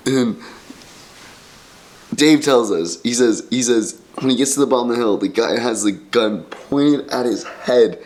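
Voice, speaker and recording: A man's voice: mid-range voice, a little slow, darkish tone. A young man telling a funny personal story in a casual style. He laughs often and swears freely.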